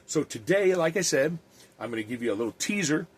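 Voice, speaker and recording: A man who is an evangelist hosts his own podcast, speaking in a husky voice with a lively pitch that rises and falls freely. His delivery is earnest and plain-spoken, and he restarts his sentences now and then. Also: a little fast. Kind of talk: podcast monologue and reading aloud.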